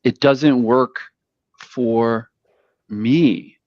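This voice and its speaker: A man giving earnest advice about sales tips, halting and repeating words as he talks. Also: medium pitch, no echo. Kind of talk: casual chat about cold calling. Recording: dull dry lo-fi sound.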